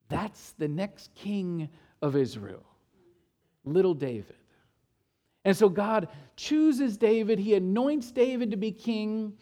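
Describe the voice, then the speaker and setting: A man preaching a sermon in a conversational storytelling way, asking the congregation rhetorical questions and moving between hushed and emphatic delivery. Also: high voice, lively intonation, takes it slowly. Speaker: pastor.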